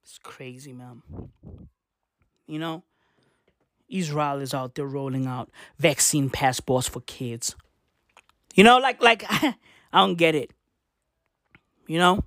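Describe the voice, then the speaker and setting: A woman's voice: fairly low pitch, animated, unhurried, pauses often, dry recording, clean studio sound. A woman ranting through news commentary, profane and slangy, firing off rhetorical questions.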